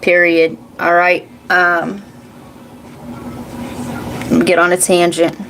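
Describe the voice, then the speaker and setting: A woman's voice: fairly low pitch, completely flat delivery, slow, a bit bright, a little hiss or hum, low-quality recording. A woman in her forties hosting a psychic reading channel, talking in a blunt, profane, rambling way and laughing often. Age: 40s.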